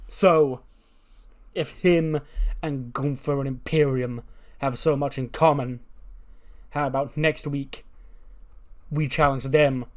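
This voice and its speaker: A man's voice: mid-range voice, steady tone, natural voice. A man voicing a fired-up male wrestler rallying his teammates. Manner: loud, rallying, fast.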